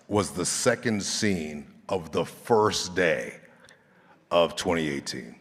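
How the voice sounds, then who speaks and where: A man being interviewed on a convention stage, telling stories from his acting work with a relaxed, laughing manner. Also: low-pitched, takes it slowly, a little hiss or hum. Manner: relaxed storyteller, laughing often. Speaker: actor guest on a panel. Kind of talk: anecdotal storytelling. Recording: reverb of a large hall.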